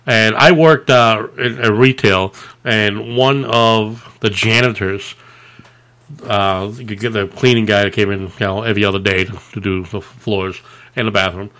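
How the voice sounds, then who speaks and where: A man with a fairly low voice co-hosts a live podcast. He tells crude, meandering anecdotes in casual banter, full of fillers and swearing. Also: fairly even intonation, normal speed, bright, forceful tone. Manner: crude, rambling storyteller with many fillers. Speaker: podcast co-host.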